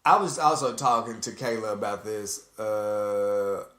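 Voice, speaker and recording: A man's voice: lowish voice, measured pace, fairly bright tone, reverberant. A man co-hosting a podcast, talking in casual, profane banter and acting out quotes. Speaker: podcast co-host. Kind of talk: casual chat.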